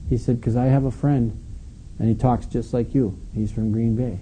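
Dark-voiced preacher, conversational. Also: male voice, mid-range voice, steady tone, normal speed, a little hiss or hum, low-quality recording. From Wisconsin, United States. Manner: storytelling preacher, reads scripture then explains it conversationally. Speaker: pastor. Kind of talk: sermon.

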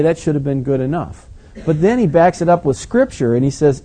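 A male pastor delivering an animated, emphatic sermon with conversational asides. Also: on the high side, fairly quick.

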